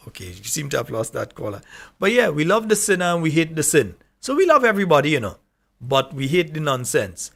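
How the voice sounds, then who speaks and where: A man's voice: fairly high pitch, very animated, fairly quick, vocal fry. A man hosting a political call-in radio show, arguing his points and repeating them with "Yeah?". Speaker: radio talk show host.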